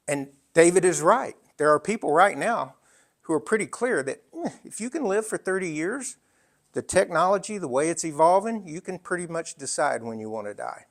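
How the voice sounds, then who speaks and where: Animated older man with a fairly high voice. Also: normal speed. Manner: animated, conversational, with frequent asides and restarts. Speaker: entrepreneur giving a talk. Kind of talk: storytelling business talk.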